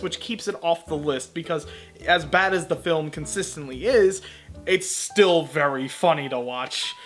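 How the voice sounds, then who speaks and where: A man's voice: sits high, a bit bright. Sarcastic man ranting about movies. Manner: sarcastic, blunt, exasperated. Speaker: movie reviewer.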